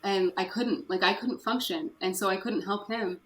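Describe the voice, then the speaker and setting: A woman's voice: medium pitch, moderate pace. A woman telling her personal story candidly as a podcast guest, with nervous laughs. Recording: echoey room with faint noise.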